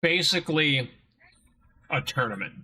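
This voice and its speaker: A man running a tabletop game from home, swearing casually in chat and slowing into scene narration. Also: fairly high pitch, animated, pushed and bright, poor audio. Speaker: game master. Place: home, with a child nearby.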